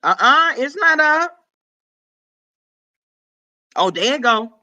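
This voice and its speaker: High, sassy man chatting to his viewers. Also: very animated, pushed and bright, no room sound. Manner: sassy, profane, chatty, quick asides to viewers. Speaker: vlogger greeting live chat. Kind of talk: casual live-stream chat.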